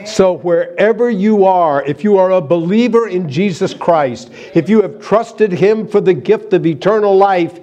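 A man's voice: high voice, unhurried, hardly any pauses, warm tone. A man preaching a sermon, emphatic and asking the congregation rhetorical questions.

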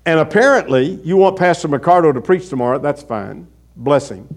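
Older guy pastor preaching, chatty storytelling sermon, voice swinging up and down all over. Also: fairly quick. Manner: animated, conversational storytelling with a wide swing of pitch.

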